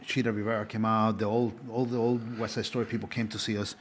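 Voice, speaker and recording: A man's voice: lowish voice, flat delivery, fast talker, slight background noise. A man in his fifties, a former stage actor, answering interview questions in a chatty, rambling way with frequent restarts.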